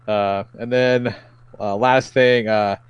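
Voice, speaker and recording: A man co-hosts a comedy podcast, telling stories in a casual, animated way, swearing a lot and acting out quotes. His voice is medium in pitch and smooth, and he talks slowly. The recording is dry and muffled.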